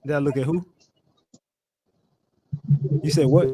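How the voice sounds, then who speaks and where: A man's voice: fairly high pitch, steady tone, measured pace. Blunt, cursing man hosting a call-in stream. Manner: blunt, profane, thinks aloud. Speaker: show host. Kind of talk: casual live-stream talk with callers.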